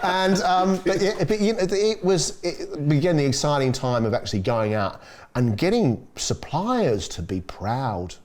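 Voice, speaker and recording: A middle-aged Australian man, a chef, chatting casually on a podcast and telling lively stories, acting out quoted voices with big jumps in pitch. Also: measured pace. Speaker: chef guest.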